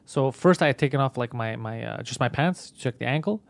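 A man's voice: mid-range voice, fairly quick, gravelly, dry recording. A young man, a comedian, telling a story in casual chat and acting out the voices, with a lot of swearing.

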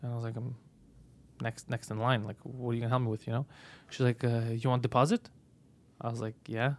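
A man's voice: mid-range voice, level tone, quick pace. A man, a podcast co-host telling a story in casual, profane chat.

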